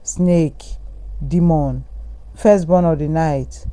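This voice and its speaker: A trembling old woman in a horror storytime, gasping out her fear, as the narrator voices her. The tone is warm and dark rather than bright. She speaks in a frightened, fearful way. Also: medium pitch, fairly even intonation, takes it slowly, natural voice. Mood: whispering fear.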